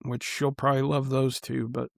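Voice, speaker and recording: A man's voice: medium pitch, level tone, moderate pace, gravelly, dry recording, studio quality. A man co-hosting a podcast in casual chat, laid-back and enthusiastic. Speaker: podcast co-host.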